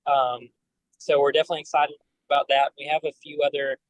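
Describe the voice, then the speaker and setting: A man, a band member guest on a podcast, telling animated stories full of fillers. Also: fairly high pitch, brisk, slight background noise, low-quality recording. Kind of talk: casual storytelling.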